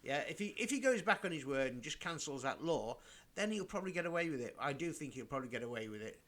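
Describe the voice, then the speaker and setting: A man's voice: fairly high pitch, big pitch swings, quick pace, fairly bright tone. A man in a rambling, casual rant, full of fillers and restarts. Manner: rambling, chatty, self-interrupting with many fillers. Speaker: vlogger. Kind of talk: casual ranting commentary.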